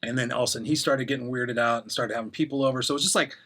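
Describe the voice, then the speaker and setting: Fast-talking man telling his story. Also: mid-range voice, steady tone, a bit bright. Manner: candid, acts out quoted voices. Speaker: podcast guest. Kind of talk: casual storytelling interview.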